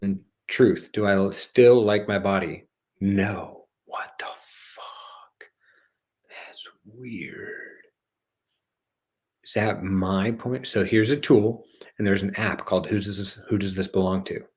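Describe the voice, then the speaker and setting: Playful rambling man, lowish voice. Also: unhurried, a little mellow. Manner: playful and rambling, swears, jokey rhymes. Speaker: host of a spiritual channel show. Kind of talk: casual rambling livestream monologue.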